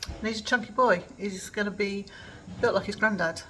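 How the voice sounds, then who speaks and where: A woman's voice: mid-range voice, steady tone, normal speed, fairly bright tone, slight background noise, low-quality recording. An older woman from England chatting casually in a home vlog, rambling with lots of ums. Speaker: vlogger. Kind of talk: casual chat.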